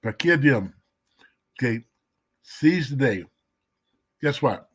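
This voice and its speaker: A man giving a casual devotional teaching, emphatic, slowing down to stress key words and sometimes dropping to a whisper. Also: mid-range voice, lively intonation, husky. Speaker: messianic Jewish teacher.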